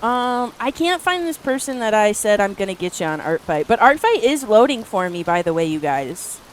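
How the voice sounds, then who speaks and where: A woman's voice: medium pitch, very animated, moderate pace, slight background noise. A woman streamer chatting casually to her live viewers, rambling through stories with lots of filler words and casual swearing. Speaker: art streamer.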